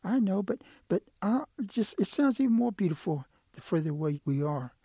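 A man voicing an eager, curious male quail in a told folk tale, pleading and excited in a raised voice. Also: sits high, normal speed, breathy edge, no room sound, studio quality, voice pushed up, exaggerated voice. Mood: wheedling.

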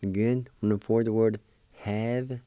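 A man hosting a language lesson, patiently spelling out words letter by letter and pronouncing each one slowly. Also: lowish voice, fairly even intonation, mellow, clean tone, no echo. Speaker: language teacher and radio host. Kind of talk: slow spelling and pronunciation lesson.

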